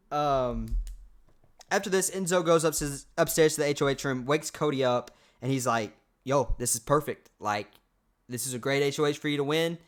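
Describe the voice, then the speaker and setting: A man's voice: fairly high pitch, normal speed, long pauses. A young man co-hosting a podcast, rambling through a casual episode recap with lots of fillers and asides. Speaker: podcast co-host.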